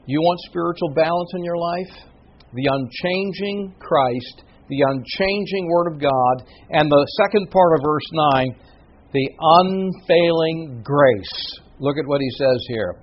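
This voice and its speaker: A man preaching a sermon as pastor, building to forceful declarations, dropping to quiet asides, and asking rhetorical questions. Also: fairly high pitch, expressive, measured pace, muffled recording. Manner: asks the congregation rhetorical questions.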